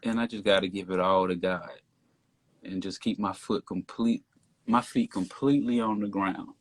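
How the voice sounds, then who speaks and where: A man telling a story as a podcast guest in casual talk, getting loud and worked up as he retells it. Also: low-pitched, moderate pace. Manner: animated, rising to near shouting when retelling the stop.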